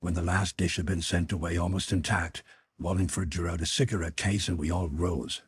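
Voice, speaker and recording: A man reading a classic mystery in first person at a measured, even pace. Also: low-pitched, a little hiss or hum. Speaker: audiobook narrator. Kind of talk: first-person audiobook narration.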